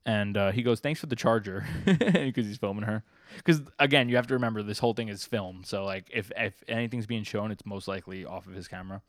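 A man's voice: on the low side, fairly quick, no echo, studio quality. A young man co-hosting a podcast, recapping a comic in a laid-back, filler-heavy way. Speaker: podcast co-host. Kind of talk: casual chat recapping a comic.

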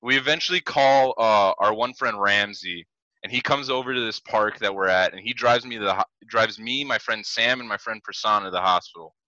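A man's voice: on the low side, a little fast, bright, forceful tone, dry recording. A man in his twenties telling a story on a casual podcast, rambling and packed with "like" and swearing. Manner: rambling, heavy "like" fillers, swears. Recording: dull dry lo-fi mic.

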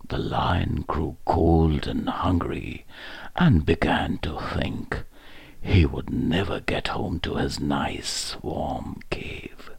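A man reading a children's story aloud in a soft, half-whispered voice. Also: extremely low pitch, slow, creaky, slightly rough, no room sound.

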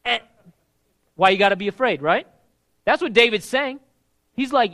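A middle-aged man preaching a sermon in an animated, emphatic way, his energy rising as he goes. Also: very high voice, normal speed, long pauses. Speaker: pastor.

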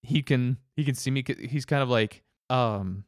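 A man's voice: medium pitch, moderate pace, no room sound, clean studio sound. A man telling a rambling story in casual chat, with many restarts and frequent laughs.

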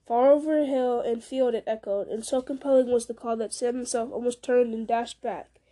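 Brief: high-voiced woman narrator, brisk storybook reading. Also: fairly even intonation, warm tone. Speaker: audiobook narrator.

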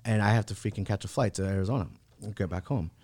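A man's voice: fairly low pitch, quick pace, a little mellow, no echo. A man in his thirties telling a personal story as a podcast guest, casual and slangy, full of "bro" and "like". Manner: laid-back slangy talk, many "bro" and "like".

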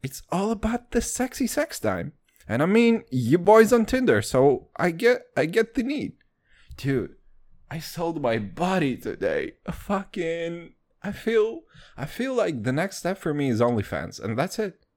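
A man's voice: huge pitch swings, unhurried, darkish tone. A young man hosting a podcast in casual chat, rambling and swearing a lot, joking as he goes and jumping between topics. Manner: rambling, profane, jokey, wildly swinging pitch. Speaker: podcast host.

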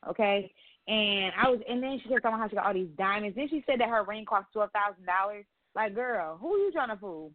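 A woman's voice: medium pitch, expressive, quick pace, dry recording. A woman co-hosting a podcast, telling stories in a blunt, profane, casual way. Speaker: podcast co-host. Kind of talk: casual chat. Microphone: phone call. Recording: tinny phone-line sound.

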